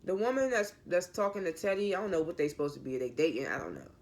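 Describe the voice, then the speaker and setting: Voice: mid-range voice, expressive, quick pace. A TV show reviewer giving a casual recap in an opinionated, rambling way, often correcting themself mid-sentence.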